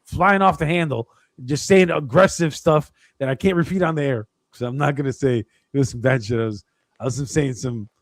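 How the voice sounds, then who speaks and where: A podcast co-host with a mid-range, slightly fast voice tells profane stories in casual chat, animatedly acting out phone calls. There is no room sound.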